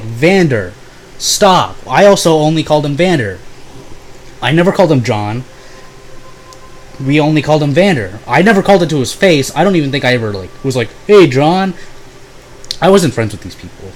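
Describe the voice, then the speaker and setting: A young man casually telling a profane, sarcastic story about old roommates, mocking them in quick voices. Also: medium pitch, a little hiss or hum, low-quality recording. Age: young adult. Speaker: vlogger.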